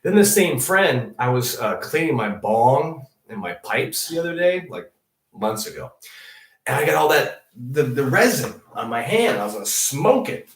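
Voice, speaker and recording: Young male host, animated swearing storyteller, lively pitch swings, roomy distant sound. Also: moderate pace. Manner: profane, laughing, animated storytelling. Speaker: comedic news show host. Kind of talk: rambling comedic monologue. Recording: echoey room, distant mic.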